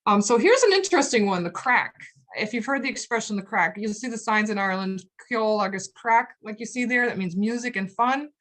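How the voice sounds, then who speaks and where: A woman's voice: a little high, expressive, fairly quick, fairly bright tone. Chatty woman lecturer from the US. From United States. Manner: friendly, chatty, frequent "um" and "okay". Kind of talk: virtual slide lecture. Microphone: video call microphone.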